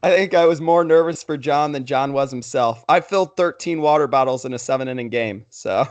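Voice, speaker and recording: A man's voice: mid-range voice, fairly quick, no echo. Young man hosting a sports podcast. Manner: loose, joking, reads sponsor and social plugs. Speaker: podcast host. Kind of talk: casual sports podcast chat.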